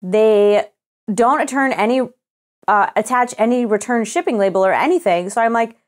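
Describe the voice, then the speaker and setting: A woman's voice: on the high side, normal speed. Swearing young woman telling a story. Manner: animated storytelling, swears freely, acts out quoted exchanges. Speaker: podcast co-host. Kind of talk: casual chat.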